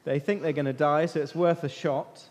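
A man teaching an interactive Bible lesson as an animated storyteller, asking his listeners questions. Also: a little high, normal speed. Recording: long echo of a large hall.

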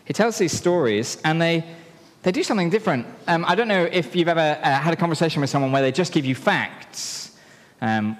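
A man preaches in a church, and his voice climbs high and drops low as he tells a story. His delivery is playful and full of life, and a long reverb rings behind him in the hall. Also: a little fast. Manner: lively, playful storyteller who directs helpers. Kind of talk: sermon with a live object lesson.

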